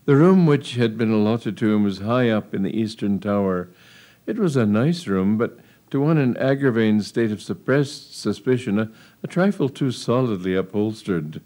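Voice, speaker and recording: A man's voice: on the low side, a little mellow. A man reading a humorous story aloud in a wry, amused storytelling manner. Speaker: narrator. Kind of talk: audiobook reading of a comic tale.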